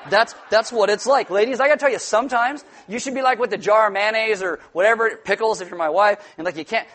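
A middle-aged man preaching a sermon, animated and joking, acting out the quoted voices. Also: high voice, fast. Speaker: pastor.

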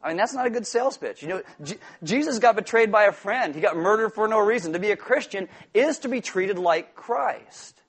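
A man preaching a sermon in an animated, joking way, acting out quoted voices. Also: high-pitched, a little fast, breathy edge. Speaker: pastor.

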